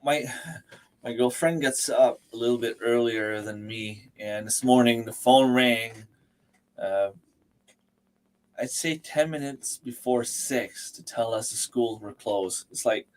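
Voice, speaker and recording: A man hosts a relaxed livestream from home, speaking into a desk microphone at a middle pitch. He chats easily, laughs often and answers his viewers by name. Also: takes it slowly. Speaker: livestream host. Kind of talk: casual chat. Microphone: desk microphone and webcam.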